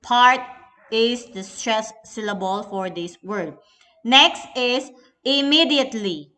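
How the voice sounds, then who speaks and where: A woman's voice: medium pitch, slow pace, bright, forceful tone. A young woman with a Filipino accent teaching an English lesson in a recorded class, patient and instructive, often addressing the class as everyone.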